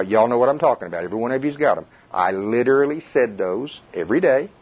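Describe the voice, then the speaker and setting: Husky-voiced man teaching a Bible study. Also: mid-range voice. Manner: folksy, repeats himself, restarts, questions the group. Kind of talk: informal teaching to a small group. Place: indoor room with a group. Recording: dull, lo-fi recording.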